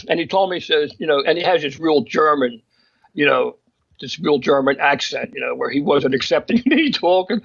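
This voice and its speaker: A man's voice: on the high side, vocal fry, husky, muffled recording. A man co-hosting a casual chat, talking emphatically and opinionatedly in bursts, with frequent restarts. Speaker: magazine co-host discussing photographers.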